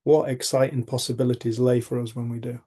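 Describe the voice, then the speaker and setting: He talks fast, a middle-aged community group host whose mid-range voice is dark-toned, breathy at the edges, and flat in delivery. Frank and rambling, he shares reflective personal stories, restarting sentences and dropping casual swear words.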